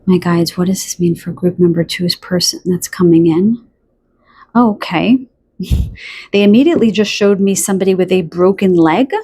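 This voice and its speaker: A woman giving a channeled pick-a-card tarot reading in a chatty, spontaneous way, often pausing to search for words. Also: on the low side, warm tone, breathy edge. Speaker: tarot reader.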